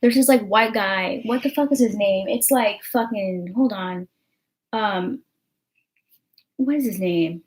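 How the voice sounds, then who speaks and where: A woman's voice: mid-range voice, slow pace, long pauses, darkish tone. A young American woman vlogging in casual chat, rambling with lots of fillers and swearing.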